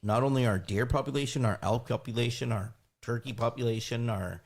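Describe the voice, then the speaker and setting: A man's voice: mid-range voice, a little fast. A man who is a guest on a podcast, talking in casual chat and repeating words for emphasis.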